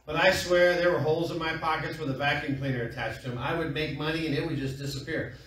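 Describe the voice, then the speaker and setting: A middle-aged man preaches in a chatty, folksy storytelling style, drawing call-and-response from a small congregation. His voice is bright and sits a little high for a man. He is heard from some distance in a small room with heavy echo. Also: fairly even intonation, fast talker. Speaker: pastor. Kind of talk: sermon. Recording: echoey room from far off.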